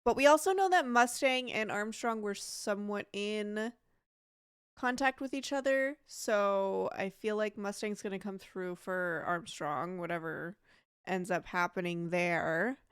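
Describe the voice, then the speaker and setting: A woman's voice: medium pitch, measured pace, a bit bright, clear, resonant tone, dry recording, clean studio sound. A woman reacting to an anime in a casual vlog, chatty and emotional, with many fillers and restarts.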